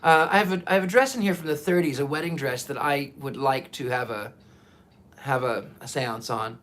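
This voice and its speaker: A man's voice: mid-range voice, moderate pace, fairly bright tone. A man hosting a psychic livestream, chatting casually and reading viewer comments in a theatrical, affectionate way, often stammering and restarting.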